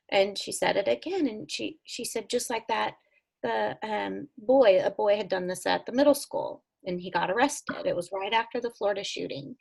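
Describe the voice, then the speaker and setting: A woman guest recounting her family's story in an interview, earnest and animated, her voice leaping up when she stresses a point. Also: normal speed, gravelly, slightly rough. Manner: earnest, animated, with sudden leaps in pitch when emphatic.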